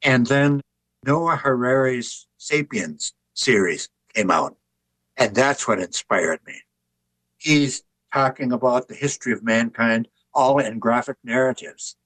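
An older man sits for an interview and tells stories with easy, wry humor. His voice sits at an ordinary middle pitch. The sound is close and dry, with no room echo. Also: unhurried. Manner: relaxed, anecdotal, wry humor. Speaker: author and artist guest. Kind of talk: conversational interview storytelling.

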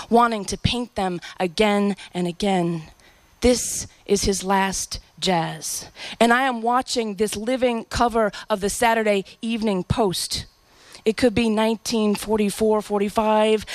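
A woman's voice: medium pitch, no echo. A woman performing a spoken-word story in a reflective, poetic and emotional way.

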